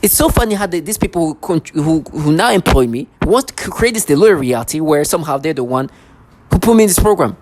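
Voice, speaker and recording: Vlogger, agitated rant, sarcastic, accusatory, stammering restarts, very lively pitch. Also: fast talker, few pauses, a little hiss or hum. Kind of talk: agitated ranting monologue to camera.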